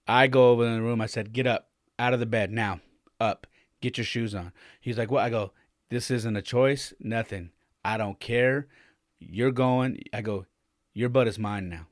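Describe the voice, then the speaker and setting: A podcast host in his forties with a mid-range voice relates a candid story about his family, acting out what was said. He gets worked up and his voice climbs; the sound is clean studio audio without room noise.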